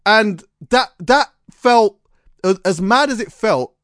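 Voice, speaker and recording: A man's voice: high-pitched, slow pace, no echo, studio quality. A man, hosting a podcast and telling stories casually, full of slang and restarts. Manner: animated storyteller, London slang, lots of restarts. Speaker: podcast host. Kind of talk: casual chat.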